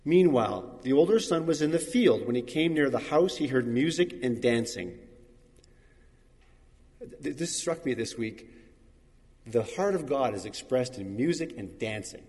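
A man's voice: medium pitch, expressive, a little slow, darkish tone, long reverb tail. A man preaching a sermon, reading scripture aloud and acting out the voices he quotes. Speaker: pastor.

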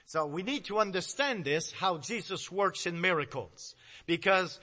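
A man preaching a sermon, dramatic, swinging between loud emphasis and hushed low words. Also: animated, measured pace. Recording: long hall reverb.

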